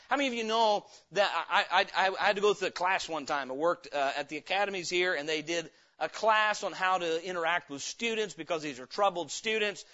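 A man's voice: sits high, bright, forceful tone. A man preaching a sermon as pastor, in a folksy, conversational way with homespun stories, in a church. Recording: dull lo-fi sermon recording.

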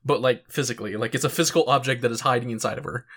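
A man's voice: medium pitch, rapid-fire, gravelly, a bit bright, husky. Rambling, laid-back male podcast host. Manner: rambling, filler-heavy, swears and chuckles often. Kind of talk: casual chat.

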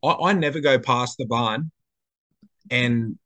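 A man's voice: medium pitch, slow pace, sharp tone. A young man in casual chat, a rambling storyteller full of slang and restarts.

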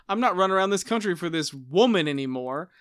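A man's voice: high voice, fast talker, clean tone, no room sound, studio quality. A man co-hosting a casual book podcast, recapping chapters and acting out characters with playful voices. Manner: animated, acts out characters in funny voices, laughs often. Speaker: podcast co-host.

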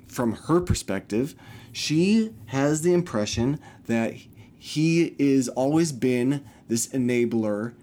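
A man's voice: medium pitch, darkish tone. A young man venting a personal story, agitated and upset, swearing often and restarting his sentences.

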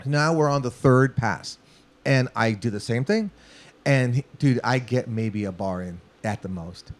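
Man from los angeles spinning a swear-heavy story, mid pitch, acts out other people's lines. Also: measured pace. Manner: profane, animated, acts out quotes. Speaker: guest musician. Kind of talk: casual storytelling.

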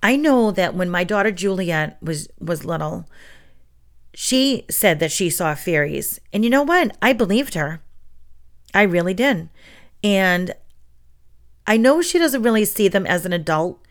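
A middle-aged woman, a teacher hosting a story show, reading a bedtime story and then chatting in a gushing, animated way. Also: fairly low pitch, unhurried. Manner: gushing, animated storyteller who acts out quotes. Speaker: preschool teacher and story podcast host.

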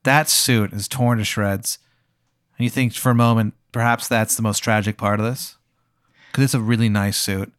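Young man, comic game master, deadpan, smooth clear voice, dry close sound. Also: on the low side, moderate pace, no echo. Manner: deadpan, laughs at his own bits. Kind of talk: improvised comic tabletop narration.

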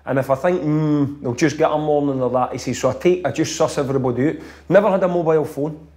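A Scottish man with a slightly higher voice tells football stories in easy, animated chat. He laughs his way through the funny bits and keeps the tone relaxed and conversational. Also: fast. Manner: animated, laughs often while telling stories. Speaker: former footballer guest. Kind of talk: casual storytelling chat.

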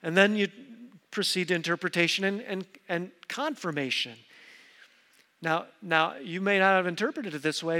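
A man's voice: high voice, normal speed, bright, forceful tone, in a large hall. A middle-aged man preaching a sermon, earnest and emphatic, sometimes repeating words as he builds a point. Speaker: pastor.

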